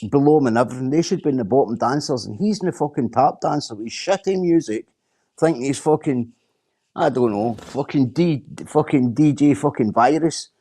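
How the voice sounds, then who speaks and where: A man's voice: medium pitch, brisk, warm tone, breathy edge. A Scottish man in casual chat on a stream, blunt, sweary and repeating himself as he rants.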